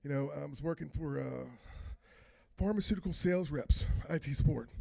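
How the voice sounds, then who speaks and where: A man from Philadelphia performing a rambling, exasperated stand-up set at an open mic, breaking into loud outbursts. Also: a little high, moderate pace, gravelly. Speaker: stand-up comedian. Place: small open mic venue.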